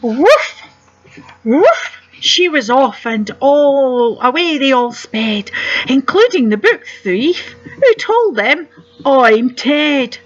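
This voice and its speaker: A woman's voice: high voice, very animated, slow, muffled recording. A woman reading a rhyming picture book aloud to children, gasping and asking the listener questions. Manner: gasps and asks the listener questions. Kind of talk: animated read-aloud storytelling.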